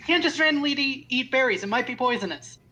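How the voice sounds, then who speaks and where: A woman's voice: high-pitched, lively intonation, quick pace, a crowd in the background, poor audio. A woman playing a tabletop game, giving bossy warnings to the others. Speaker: player. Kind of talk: casual tabletop game talk.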